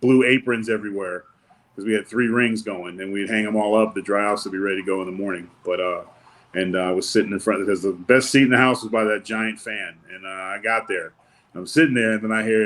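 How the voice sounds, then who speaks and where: A man's voice: on the low side, fairly even intonation, brisk, a bit bright. A man telling stories in a casual interview, loose and rambling, acting out the people he quotes. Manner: loose, rambling, with many fillers and restarts. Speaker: wrestling guest.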